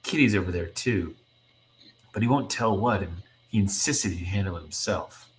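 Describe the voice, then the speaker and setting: A man voicing a calm, guarded young female telepath, read aloud in a hushed, reassuring way. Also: low-pitched, normal speed, a little hiss or hum, close to an everyday voice.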